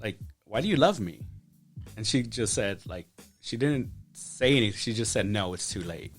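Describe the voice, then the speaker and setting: A man's voice: medium pitch, expressive, moderate pace, husky, faint music behind. Emotional man telling his story. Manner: emotional, many restarts and "like". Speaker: podcast guest. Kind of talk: personal testimony.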